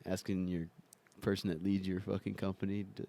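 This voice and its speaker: A man's voice: sits low, little pitch movement, brisk, dark tone, a little hiss or hum. A young man talking casually as a guest, laid-back and laughing through his stories. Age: young adult. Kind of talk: casual chat.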